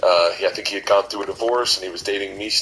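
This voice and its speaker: Rambling, animated man in his forties. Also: sits low, very fast, a little hiss or hum, poor audio. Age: 40s. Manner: rambling, restarts often, animated when quoting others. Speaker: podcast co-host. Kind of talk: casual storytelling chat.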